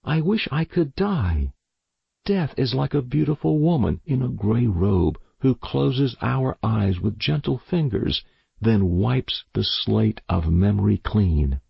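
Storybook read-aloud: sulky sixteen-year-old girl, melodramatic, played by a man with a husky voice. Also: mid-range voice, very animated, slow, dry recording, muffled recording, pitched above the performer's own voice, exaggerated voice. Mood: brooding. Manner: dramatic, self-pitying.

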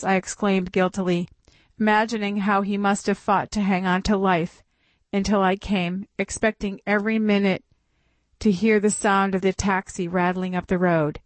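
A woman narrating a memoir audiobook in a measured, steady reading voice, close to the mic. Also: medium pitch, no echo.

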